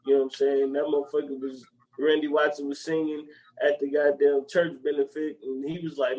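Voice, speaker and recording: Animated, profane young man retelling comedy scenes. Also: fairly quick, rough recording. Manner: animated, profane, jumps into loud high-pitched character voices. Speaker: podcast co-host. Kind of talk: casual chat recounting movie scenes.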